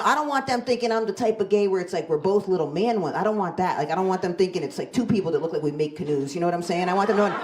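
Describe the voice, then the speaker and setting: A woman in her forties performing a stand-up set on a comedy club stage into a handheld mic, with a deadpan, self-mocking delivery. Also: mid-range voice, noisy background. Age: 40s. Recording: live club with loud crowd laughter. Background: audience laughing.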